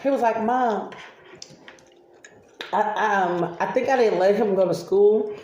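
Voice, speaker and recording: A mother chats through breakfast at her kitchen table, spinning family stories and breaking into laughter as she goes. Her voice is mellow and dark-toned, and it echoes around the room over faint background noise and clicks. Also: mid-range voice, unhurried. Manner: chatty, laughs often while telling stories. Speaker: vlogger and mother.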